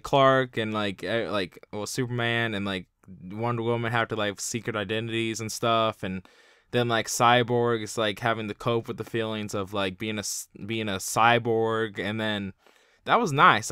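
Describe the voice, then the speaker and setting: A man's voice: mid-range voice, pushed and bright, smooth, no echo, clean studio sound. A young man giving a casual spoken review, rambling with constant filler words. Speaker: video reviewer.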